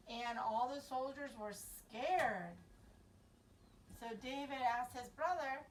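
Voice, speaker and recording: A young woman teaching a children's Bible lesson, telling the story slowly and expressively and acting out voices and sound effects. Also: high voice. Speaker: children's Sabbath school teacher. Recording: distant mic with faint room noise.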